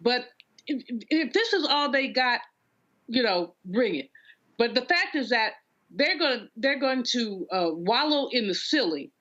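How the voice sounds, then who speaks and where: A woman's voice: fairly high pitch, sing-song, measured pace, fairly bright tone, dull audio. A woman panel guest talking politics bluntly and with some amusement. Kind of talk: political discussion.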